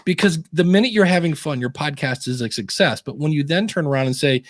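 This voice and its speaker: A man's voice: on the high side, fast talker, dry recording. A man on a podcast panel, chatting casually and acting out quotes as he tells stories. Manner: animated storyteller, acts out quotes.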